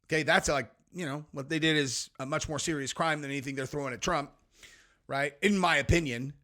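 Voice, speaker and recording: A man's voice: on the high side, brisk, bright, forceful tone. A man hosting a podcast, ranting emphatically about politics in casual slang. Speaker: podcast host. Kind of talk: heated political commentary.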